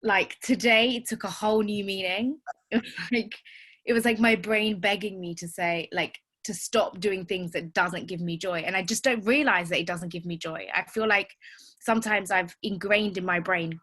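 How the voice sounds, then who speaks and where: Female teacher on a call, reflective, filler-heavy, mid-pitched. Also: steady tone, normal speed, a bit bright. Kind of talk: casual sharing on a group call.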